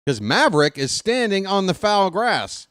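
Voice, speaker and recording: A man's voice: high voice, sing-song, normal speed, fairly bright tone, clear, resonant tone, dry recording. A man ranting sarcastically and with exasperation as a fan commentator, in casual live baseball talk on a close desk mic.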